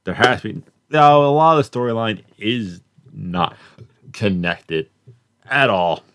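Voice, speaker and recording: Deep-voiced man rambling about cartoons. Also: fairly bright tone, a little hiss or hum. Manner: rambling, halting, many fillers and restarts. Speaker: cartoon reviewer. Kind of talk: casual spoken review.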